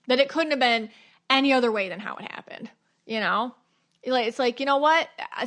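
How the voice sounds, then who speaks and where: A woman's voice: on the high side, a bit bright. A middle-aged woman hosting a podcast, talking casually and chattily, full of "like" and "you know", acting out her own inner questions. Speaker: podcast host. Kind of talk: casual spiritual podcast monologue.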